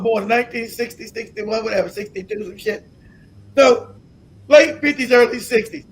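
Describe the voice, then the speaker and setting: This is a man running his own live stream, talking in a high, gravelly voice. He rants with animated disbelief and swears casually. Bursts of laughter break up the commentary. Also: fairly quick, a little hiss or hum. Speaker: livestream host.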